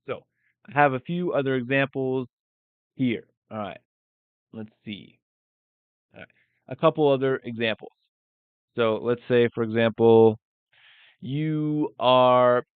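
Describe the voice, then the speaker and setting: Male teacher, measured and patient, drills example phrases; dry, phone-like recording. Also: mid-range voice, smooth, no room sound. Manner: explains slowly, repeats example phrases with emphasis. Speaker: English teacher. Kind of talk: bilingual live language lesson. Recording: dry, phone-like narrow sound.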